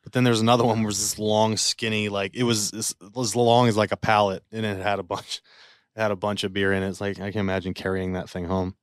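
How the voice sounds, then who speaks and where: A man with a low voice talks in a loose, rambling way, full of likes and trailing asides. He co-hosts a podcast. The recording is dry and close, with no room echo. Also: little pitch movement, fast, smooth. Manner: rambling, filler-heavy storytelling. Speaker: podcast co-host. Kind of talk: casual chat.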